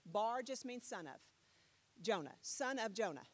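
Woman preacher, high voice, slow unhurried delivery, playful, repetitive emphasis. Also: big pitch swings. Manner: playful, repeats phrases for emphasis. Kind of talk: sermon teaching.

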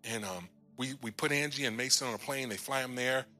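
A man in his forties giving a personal testimony from a church stage. He tells the story by acting out the dialogue, and his voice drops quiet at the hardest moments. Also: a little fast, soft background music. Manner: storytelling, acting out his own lines and others' in the retelling; voice sinks quiet and low at emotional moments. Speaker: guest minister.

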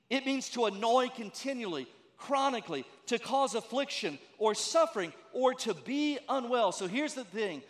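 A man with a high, fairly bright voice preaches a sermon as a pastor, speaking conversationally and emphatically and asking lots of rhetorical questions. The recording carries the long reverb of a large hall.

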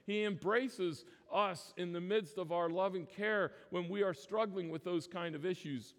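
A man's voice: high voice, unhurried, hardly any pauses. A man preaching a sermon as pastor, earnest and emphatic, often restarting his phrases. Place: church sanctuary. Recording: long church reverb.

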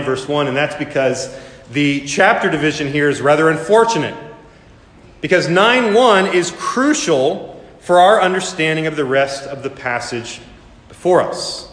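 Male preacher, slightly higher voice, emphatic, repeats phrases, long church-hall reverb. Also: fairly bright tone. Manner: emphatic, repeats key phrases, rhetorical questions. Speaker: pastor. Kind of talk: sermon.

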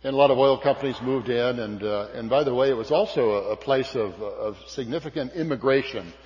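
An older man from California tells a long story from the stage. His voice sits at an ordinary pitch and drifts through fillers and restarts, folksy and self-deprecating. The sound is dull and carries a long hall reverb. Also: a little fast. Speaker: speaker. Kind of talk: storytelling speech.

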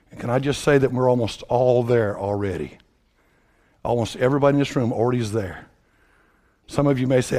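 A man from Tennessee, preaching a sermon in a folksy, animated storytelling way that swings up to shouting. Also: mid-range voice.

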